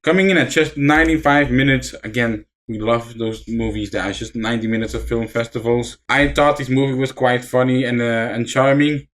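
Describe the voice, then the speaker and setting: A man with an ordinary mid-range voice chats about films in a relaxed, slangy way. He also reads out short plot summaries in an even podcast delivery. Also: mid-range voice, normal speed, few pauses. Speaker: podcast co-host, film reviewer. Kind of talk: casual film review chat with read synopses.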